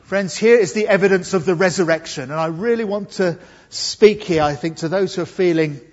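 Husky, slightly high male preacher from England, earnest sermon delivery, dull recording with long church reverb. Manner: earnest, emphatic, slows for key words. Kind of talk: Easter sermon. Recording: dull muffled sound with long hall reverb.

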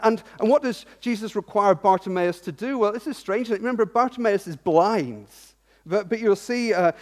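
A fairly high-voiced man preaches an earnest sermon, often stopping to ask rhetorical questions and stumbling over repeated words. His voice rings out with a long reverb that fills a large hall. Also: darkish tone.

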